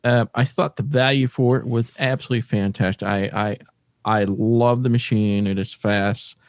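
A man's voice: mid-range voice, fairly even intonation, moderate pace, no room sound, studio quality. A man hosting a podcast in a casual, playful way, chatting and joking with his co-hosts. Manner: playful, jokes around with co-hosts. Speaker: podcast host.

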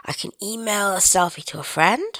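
Woman host, friendly explainer, low gravelly tone, dry close sound. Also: animated, normal speed, a bit bright, no echo. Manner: chatty, explanatory, amused. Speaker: app demo presenter. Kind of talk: chatty screen-reader tutorial.

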